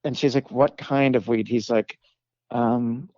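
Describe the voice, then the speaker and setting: A man's voice: mid-range voice, fairly even intonation, moderate pace, a little mellow, no room sound, muffled recording. A man, a comedic actor, telling stories as a podcast guest in casual chat, rambling with many fillers and restarts and acting out the people he quotes.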